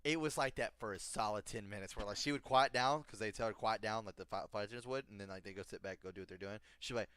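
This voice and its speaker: A man's voice: lowish voice, fast talker, hardly any pauses, a bit bright, clean tone, no room sound. A man co-hosting a podcast, telling a casual, profanity-laced comedic anecdote. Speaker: podcast co-host.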